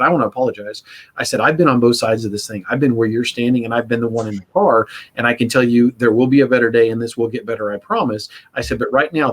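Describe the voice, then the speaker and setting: A man's voice: medium pitch, slightly rough. Earnest man telling a story. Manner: earnest storyteller, acts out quotes. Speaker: podcast host. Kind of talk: casual podcast chat.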